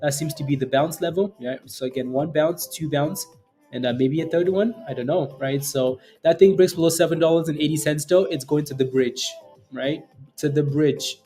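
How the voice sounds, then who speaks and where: A man's voice: on the high side, moderate pace, warm tone, soft background music. Chatty man hosting a trading stream. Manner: chatty, laughs often, repeats phrases, many fillers. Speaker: stock trading livestream host. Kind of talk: casual live commentary answering chat.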